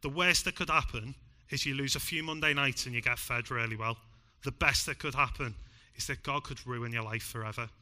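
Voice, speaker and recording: A man with a Liverpool accent preaching a sermon in church, emphatic one moment and hushed the next. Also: mid-range voice. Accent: Liverpool (Scouse). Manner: emphatic, swings from loud to hushed.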